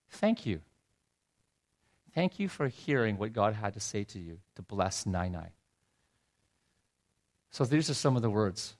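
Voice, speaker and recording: A middle-aged man telling a heartfelt personal story in a sermon, his voice dropping low and soft when he is moved. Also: lively intonation, normal speed, long pauses. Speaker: preacher. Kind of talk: sermon testimony.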